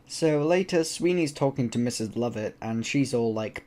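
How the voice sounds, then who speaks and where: A man's voice: medium pitch, moderate pace, hardly any pauses, darkish tone. A man casually recapping a horror film for his channel, with jokey, self-deprecating asides. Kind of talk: casual comedic movie recap.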